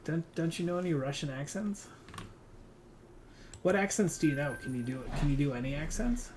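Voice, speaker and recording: A man's voice: a little high, expressive, moderate pace, darkish tone, slight background noise. A man streaming a hunting game, chatting casually and teasing a friend with lots of fillers. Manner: rambling and teasing, with frequent fillers. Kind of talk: casual gaming stream chat.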